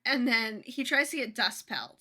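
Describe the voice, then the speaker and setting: Young woman, podcast co-host, chatty retelling, bright clear voice. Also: on the high side, expressive, moderate pace. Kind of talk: casual book podcast chat.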